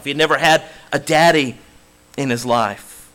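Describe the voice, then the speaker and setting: A man preaching a sermon as pastor, emphatic and swinging from loud declarations to hushed tones. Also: medium pitch, normal speed.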